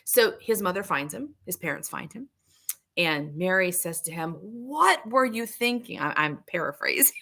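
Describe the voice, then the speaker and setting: Earnest, low-pitched middle-aged woman teacher. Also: animated, normal speed, creaky, fairly bright tone. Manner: earnest, searching, with frequent restarts. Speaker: livestream host, tarot teacher. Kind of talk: reflective livestream teaching.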